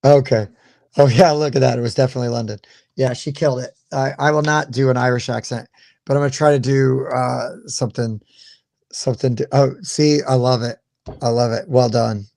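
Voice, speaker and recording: Male host, gravelly and slightly high-pitched, easygoing chat, dry close sound. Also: a little fast, dry recording. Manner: relaxed, chatty, hesitant with fillers. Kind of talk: casual live-show chat.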